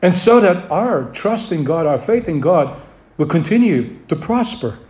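Emphatic high-voiced male preacher. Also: lively intonation, unhurried. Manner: emphatic, repeats key phrases, drops to quiet for weight. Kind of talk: sermon.

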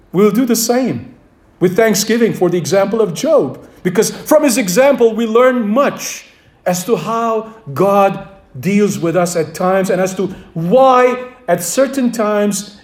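A man preaching a sermon, emphatic, repeating key phrases and dropping to a quiet voice for weight. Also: high-pitched.

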